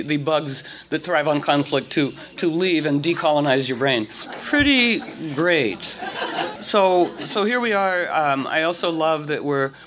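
A man's voice: fairly high pitch, a bit bright. A man leading a casual talk for a group, rambling with many fillers and restarts, often laughing. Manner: rambling, full of "you know" and restarts, laughing.

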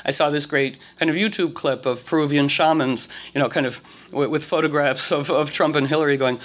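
Man, group talk leader, slightly high voice, rambly, laughs a lot. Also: steady tone, fairly quick, a bit bright. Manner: rambling, full of "you know" and restarts, laughing. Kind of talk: casual talk to an online group.

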